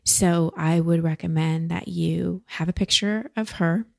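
A woman with a low, gravelly voice coaches her guest in a slow, reassuring way. She gives warm, steady advice on a podcast. The sound is close and dry, with no room around it. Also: no room sound. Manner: gentle, slow, reassuring advice with soft laughs. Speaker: podcast host and emotional coach. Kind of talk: coaching conversation.

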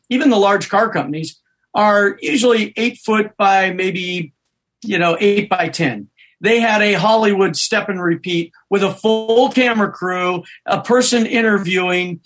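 A man, a podcast guest, telling an animated story in casual chat. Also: high-pitched.

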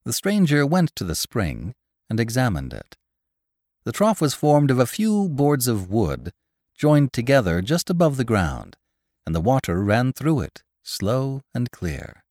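A man narrating a classic story in an expressive, scripted reading. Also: medium pitch, a little slow, dry recording, studio quality. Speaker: podcast narrator.

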